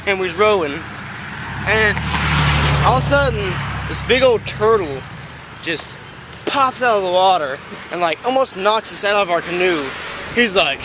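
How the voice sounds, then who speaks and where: A man improvises a rambling story, looping through fillers and repeats with a high, bouncy voice. He is recorded outdoors with clear traffic noise behind him. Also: lively intonation, moderate pace.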